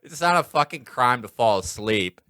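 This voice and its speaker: Man, podcast co-host, quick jokes, laughs often, animated pitch, dry mic. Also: dry recording. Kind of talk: casual comedic podcast chat.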